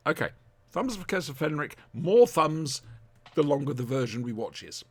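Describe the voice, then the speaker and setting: A man hosts a casual podcast chat, his pitch swinging widely as he talks. He is jokey and rambling, cracking asides between points. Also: big pitch swings, normal speed. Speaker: podcast host.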